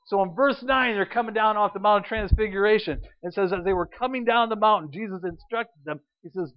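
A man preaching an Easter sermon as pastor, animated and storytelling, acting out scenes and quotes. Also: sits high, a little fast, hardly any pauses, dull audio.

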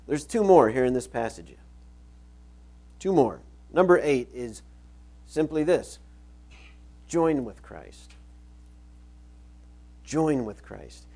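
A middle-aged man delivers a sermon as a pastor, reading scripture aloud and repeating key phrases to drive them home. His voice has a gravelly edge and a dark, mellow tone. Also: medium pitch, expressive, slow, long pauses.

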